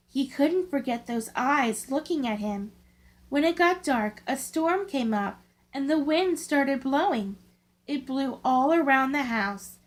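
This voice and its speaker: A woman reading scary stories aloud from a book in a slow, careful storytelling way. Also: high-pitched, rough recording. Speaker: channel host, story reader.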